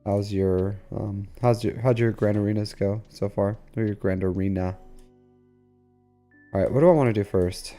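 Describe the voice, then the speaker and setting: A man's voice: lowish voice, fairly even intonation, normal speed, mellow, soft background music. A man streaming a game live, chatting casually with viewers in a rambling way full of fillers. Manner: rambling, filler-heavy, talks to chat.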